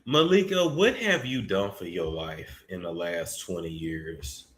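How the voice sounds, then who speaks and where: A man hosting celebrity gossip commentary, talking in a profane, mocking way with sudden bursts of shouting. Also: low voice, measured pace. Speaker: commentary host. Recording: echoey room.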